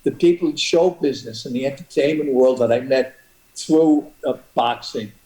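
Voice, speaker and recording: An older male interview guest who talks earnestly and haltingly, circling back on his words. His tone is dark and mellow, and a roomy echo hangs around the recording. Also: medium pitch. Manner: halting, earnest, many restarts. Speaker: guest, boxing manager. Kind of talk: reflective interview talk.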